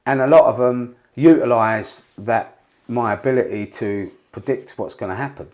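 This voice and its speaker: A man's voice: medium pitch, moderate pace, a little mellow. A man, a podcast guest, telling rambling, candid stories with frequent swearing and restarts. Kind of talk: candid storytelling interview.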